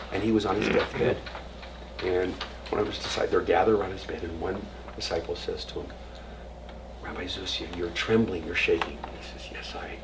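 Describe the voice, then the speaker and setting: A man teaching an adult class as rabbi, telling stories and jokes and acting out quotes, sometimes dropping to a whisper. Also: low voice. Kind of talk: informal adult education lecture. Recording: distant mic with audible room noise.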